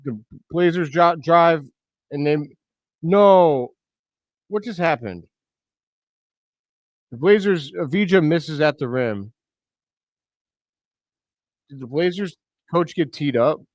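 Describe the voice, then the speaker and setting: A man hosting a live reaction stream, giving blunt, excitable play-by-play commentary with loud outbursts. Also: fairly high pitch, takes it slowly, pauses often, dry recording. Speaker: host of a fan reaction stream.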